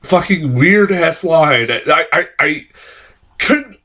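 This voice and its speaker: Man, casual film review, rambling, profane, slightly high pitch, very lively intonation. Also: takes it slowly. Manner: rambling, heavy swearing, many fillers and restarts; jumps to high, excited pitch when quoting lines.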